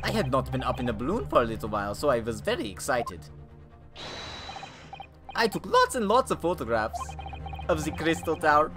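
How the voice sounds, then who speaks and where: A man voicing an excitable, petulant young Bohemian man in a high, whiny voice, over game music. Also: fairly quick, pauses often. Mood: excited. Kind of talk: game playthrough voice acting.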